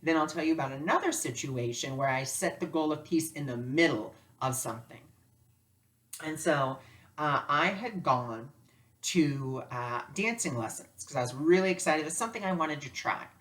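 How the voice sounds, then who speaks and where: A woman teaching spiritual lessons through personal stories, animated and acting out dialogue. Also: sits low, normal speed. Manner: animated, acts out dialogue with lively voices. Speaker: spiritual teacher and life coach. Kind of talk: storytelling lesson.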